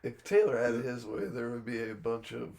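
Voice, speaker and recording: A man's voice: mid-range voice, level tone, normal speed, gravelly, darkish tone, rough recording. A man co-hosting a podcast in casual chat, teasing his friends with crude jokes. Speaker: podcast co-host.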